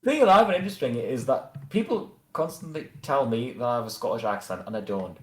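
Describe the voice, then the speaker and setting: A man with a regional British accent and flat vowels, hosting a casual livestream chat with short, dry replies. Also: medium pitch, a little fast. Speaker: streamer host. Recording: roomy, echoey sound.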